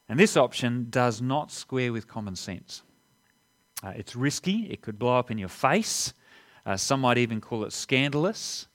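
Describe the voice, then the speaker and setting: A man preaching a sermon, telling a story with emphatic pauses as he goes. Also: lowish voice. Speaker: pastor.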